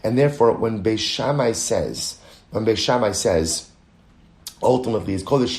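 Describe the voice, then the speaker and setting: Lively rabbi teaching Talmud, low voice. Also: male voice, reverberant. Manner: animated, explains aloud, reads Aramaic quotes quickly. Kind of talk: Talmud lecture.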